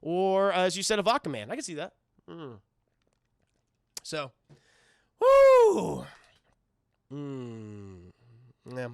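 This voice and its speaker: A man hosting a casual livestream review, retelling scenes in a profane, animated way. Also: fairly high pitch, measured pace, long pauses, clear, resonant tone, no echo, studio quality. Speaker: host and reviewer.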